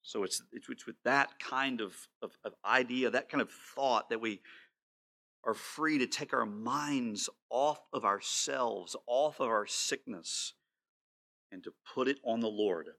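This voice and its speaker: A male pastor delivering a sermon in an earnest way, slowing down to stress his words and now and then repeating himself. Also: mid-range voice, gravelly, pushed and bright.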